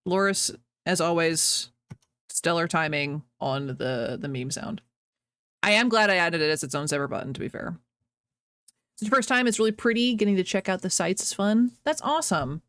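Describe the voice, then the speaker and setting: A young man streaming a video game, chatting casually with his chat while he plays, animated and self-mocking. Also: high-pitched, moderate pace, clear, resonant tone, no echo.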